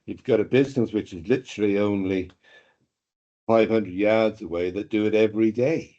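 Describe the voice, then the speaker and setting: A man's voice: fairly low pitch, moderate pace, dark tone. A man with a Welsh accent, a councillor raising questions in a hesitant way at a council meeting. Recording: dull lo-fi meeting room recording.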